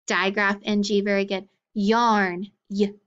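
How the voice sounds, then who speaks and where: A woman leading a phonics drill, saying each word and then its sounds and spellings clearly, with short praise. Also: medium pitch, extremely slow, a bit bright, muffled recording. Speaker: phonics teacher.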